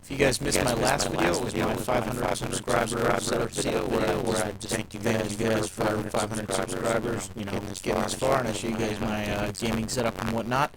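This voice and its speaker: A man's voice: lowish voice, steady tone, moderate pace, creaky, hardly any pauses, over a noisy crowd. A young man, a gaming YouTuber, casually telling a story with lots of swearing, fillers and rambling asides. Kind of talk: casual storytelling over gameplay.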